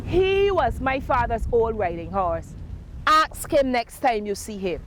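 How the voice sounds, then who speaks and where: A woman's voice: fairly high pitch, sing-song, unhurried, slight background noise, low-quality recording. A woman doing a cheeky spider trickster. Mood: mocking. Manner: cheeky, wheedling, feigning innocence. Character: sly boastful male spider trickster.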